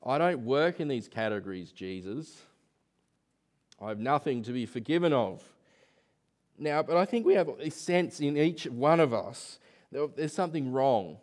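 A man's voice: medium pitch, lively intonation, a little slow, a little mellow. A man preaching a sermon in church, talking conversationally and asking rhetorical questions.

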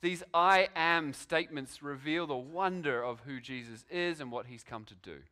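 A man's voice: medium pitch, normal speed, a bit bright. A man preaching a sermon, telling it as a story with dramatic rhetorical questions. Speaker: pastor.

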